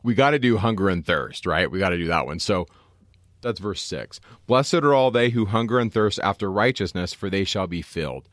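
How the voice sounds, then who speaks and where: A man with a low voice, recorded dry and close, leads a casual scripture discussion. He explains verses and slows down deliberately whenever he reads a passage aloud. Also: expressive, dry recording. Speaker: podcast co-host, scripture teacher.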